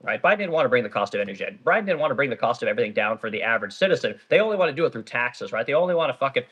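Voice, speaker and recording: A middle-aged small-business owner from Oregon rants bluntly and profanely on a casual livestream, reading out viewer comments. His mid-range voice is sing-song and fairly bright with a breathy edge, and he talks very fast.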